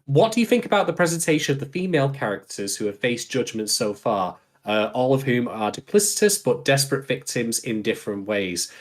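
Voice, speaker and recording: A man's voice: medium pitch, animated, brisk, hardly any pauses. Chatty man co-hosting a podcast. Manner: chatty, self-correcting, laughs often. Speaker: podcast co-host. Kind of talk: casual podcast discussion.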